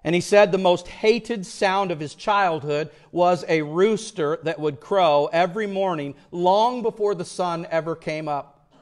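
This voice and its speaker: A male pastor delivering a sermon at a slow, deliberate pace, his voice sitting a little higher than most men's. He builds to loud, emphatic declarations and then drops to quiet, hushed lines for effect. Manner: dramatic shifts from loud emphasis to hushed near-whisper.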